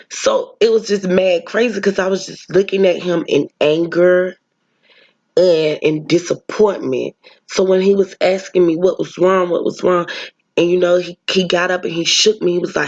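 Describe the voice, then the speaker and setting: A woman's voice: on the low side, steady tone, normal speed, lo-fi sound. A woman vlogger telling a personal story, talking earnestly and emotionally straight to her viewers.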